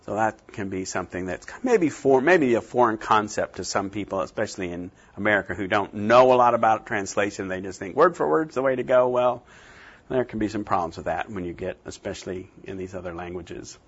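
A man giving a classroom lecture on translation, animated, often acting out little scenes with sudden jumps in pitch. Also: a little fast, husky, lo-fi sound. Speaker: teacher.

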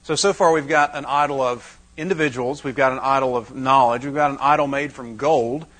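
A man's voice: medium pitch, steady tone, brisk, fairly bright tone, low-quality recording. A man preaching a Bible-teaching sermon to a live audience, dramatizing the scripture with wry asides.

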